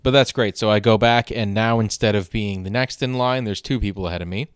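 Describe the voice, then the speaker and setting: A young man tells a rambling, exasperated comedic story, swearing casually as he goes. His voice sits a little low and sounds smooth and clear. The recording is dry and close, with no room sound. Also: brisk, no room sound. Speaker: podcast host.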